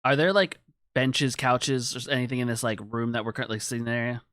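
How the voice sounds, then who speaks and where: A man playing a tabletop game talks in an animated, rambling way and restarts often. His voice sits at a middling pitch. The sound is dry. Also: fast talker, no room sound. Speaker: player. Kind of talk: casual tabletop play.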